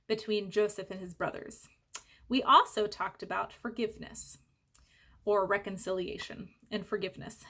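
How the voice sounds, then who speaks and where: Gentle woman teaching small children. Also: mid-range voice. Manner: gentle, encouraging, slow and clear for small children. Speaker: Sunday school teacher. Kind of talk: children's lesson.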